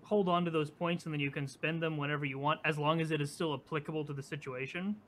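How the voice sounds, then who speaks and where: High-voiced guy rambling about his character in a tabletop game, bit of hiss. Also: quick pace. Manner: rambling and animated, lots of fillers. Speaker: player.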